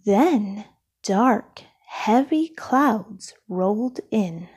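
A woman reading a children's picture book aloud, slowly and expressively, whispering the sound effects. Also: medium pitch, big pitch swings, warm tone, husky, lo-fi sound. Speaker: storybook reader. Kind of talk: children's read-aloud narration.

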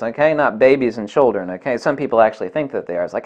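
A man's voice: medium pitch, lively intonation, fast talker, few pauses, darkish tone. A man reviewing camera lenses in a vlog, blunt and combative, swearing often and repeating points for emphasis. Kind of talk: ranting product review vlog.

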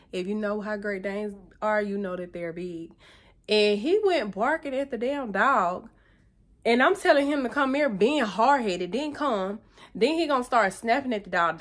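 A woman's voice: mid-range voice, fairly bright tone, a little hiss or hum. A young woman, chatting casually and emotionally to her viewers in a vlog. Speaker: vlogger. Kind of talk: casual chat to camera.

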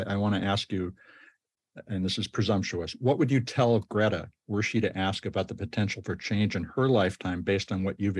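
A man's voice: lowish voice, darkish tone, slightly rough, no echo, clean studio sound. A man hosting a podcast, asking earnest questions and murmuring agreement as his guest talks. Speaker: podcast host. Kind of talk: interview conversation.

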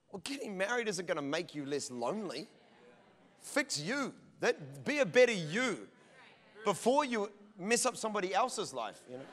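A man's voice: high voice, sing-song, normal speed, a bit bright. A middle-aged male pastor preaching a sermon, telling funny stories and acting out bits of dialogue. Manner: humorous storytelling, acts out dialogue. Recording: long church hall reverb.

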